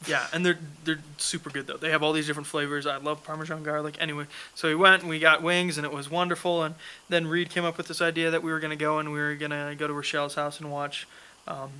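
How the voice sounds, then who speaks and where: A man's voice: a little high, level tone, quick pace, pushed and bright, clean tone, poor audio. A young man telling a funny story in a casual chat, laughing often as he goes.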